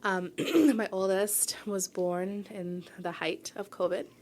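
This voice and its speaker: A woman's voice: mid-range voice, fairly even intonation, slow, a little mellow. Earnest, reflective woman in her forties. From New York, USA. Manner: earnest and reflective, often asking "right?". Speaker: guest, publisher and founder. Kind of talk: radio interview, personal story. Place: radio studio.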